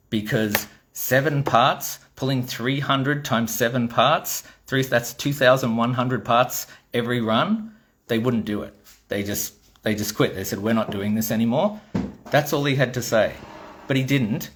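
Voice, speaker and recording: A man's voice: on the low side, a little slow, slight background noise. A middle-aged Australian man who designs toys, telling a blunt, swearing story in a casual monologue, acting out the dialogue as he goes. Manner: blunt and swearing, animated retelling with quoted dialogue. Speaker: toy designer.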